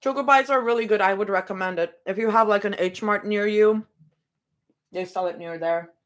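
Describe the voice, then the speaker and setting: A woman's voice: medium pitch, fairly quick. A young woman streaming from home, chatting casually and rambling between snacks during a live reading. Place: home room.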